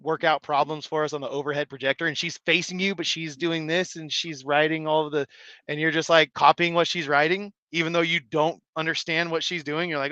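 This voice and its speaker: A man's voice: fairly high pitch, level tone, fairly quick, bright, forceful tone, dry recording, highs cut off. A man hosting a live stream, chatting casually and rambling with many restarts and fillers. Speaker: live stream host reading chat. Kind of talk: casual chat.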